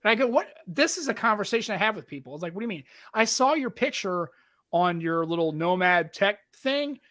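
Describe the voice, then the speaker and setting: Fast-talking high-voiced host, rambling. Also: male voice, no echo, studio quality. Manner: rambling, animated storyteller who acts out quoted voices. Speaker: podcast host. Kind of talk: casual chat.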